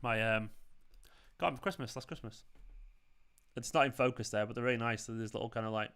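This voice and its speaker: Mancunian male stream host, bright clear tone, loose and chatty with his viewers. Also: mid-range voice, fast talker. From England. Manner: chatty, rambling, reads out chat comments. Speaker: fan channel host. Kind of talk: casual live watchalong chat. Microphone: earphones with mic.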